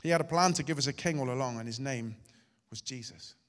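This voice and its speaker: A man's voice: mid-range voice, quick pace. Man preaching in a reverberant hall. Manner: dramatic, shifting loud and soft. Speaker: pastor. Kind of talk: sermon.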